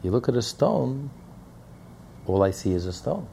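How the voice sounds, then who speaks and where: A man's voice: mid-range voice, sing-song, moderate pace, creaky, mellow, a little hiss or hum. A man teaching a Hasidic text in a lecture, repeating points and asking rhetorical questions. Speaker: Torah teacher.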